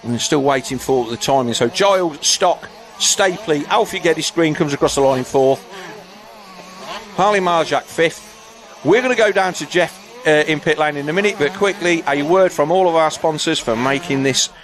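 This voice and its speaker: High-voiced excitable race caller. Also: male voice. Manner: excitable, breathless, quick-fire calls. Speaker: race commentator. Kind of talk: live motocross commentary.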